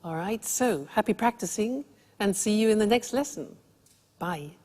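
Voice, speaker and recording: A woman teaching English phrases for agreeing and disagreeing, explaining slowly and clearly. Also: medium pitch, expressive, dark tone. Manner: slow, clear teaching delivery. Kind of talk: language lesson explanation. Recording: long hall reverb.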